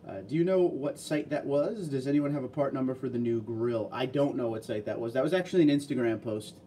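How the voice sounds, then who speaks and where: Man, livestream host, mellow voice, a little off-mic, faint background hum. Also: medium pitch, fairly quick, recorded from a distance. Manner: relaxed, chatty, reads comments aloud and answers them. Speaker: livestream host reading viewer chat. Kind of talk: casual livestream chat.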